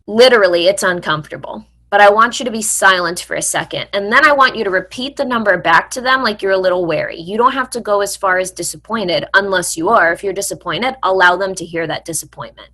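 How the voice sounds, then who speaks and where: A woman's voice: medium pitch, fast talker, hardly any pauses, bright, forceful tone. A woman hosting a personal finance video, talking frankly and casually to her viewers as friends, with lots of "like" and some blunt swearing. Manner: frequent "like" fillers, blunt mild profanity. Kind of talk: casual advice talk to camera.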